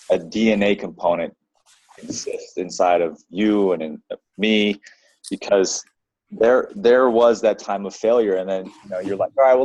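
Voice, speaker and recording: A man hosting a podcast interview who affirms his guest warmly and speaks directly to his listeners. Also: lowish voice, no room sound, rough recording. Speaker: podcast host.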